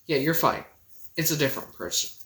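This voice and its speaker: Halting, emotional woman in an echoey room. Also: low voice, expressive, a bit bright. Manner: emotional, halting, with many pauses and restarts. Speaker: livestreamer. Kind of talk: casual livestream chat. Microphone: phone.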